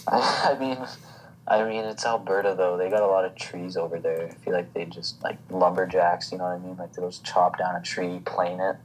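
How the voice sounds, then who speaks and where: A young Canadian man riffs with dry humor in a casual podcast chat. His voice sits at an ordinary pitch, and a faint hiss runs under it. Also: steady tone, normal speed, low-quality recording. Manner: dry, joking asides. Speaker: podcast co-host.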